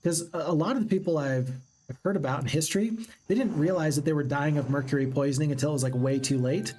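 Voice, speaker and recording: A man's voice: fairly high pitch, fast, a little mellow. Man rambling through gameplay commentary. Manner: thinks aloud, rambling, asks himself questions. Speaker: let's play gamer.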